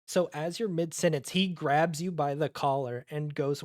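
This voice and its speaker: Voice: mid-range voice, steady tone, normal speed, darkish tone, no echo, studio quality. A game master narrating a tabletop game in a casual, profane way, full of fillers and restarts.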